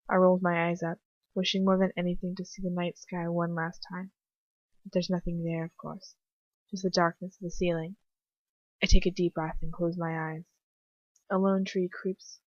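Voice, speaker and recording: A woman's voice: fairly low pitch, no echo. A young woman reading first-person fan fiction aloud at home, breaking off now and then to comment on the text. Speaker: fanfiction reader. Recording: dry, dull home recording.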